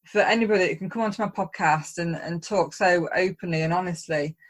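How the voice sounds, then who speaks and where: Lower-voiced woman host, encouraging, stumbles and restarts. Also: fairly quick. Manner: warm, encouraging, hesitant restarts. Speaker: podcast host. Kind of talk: interview chat.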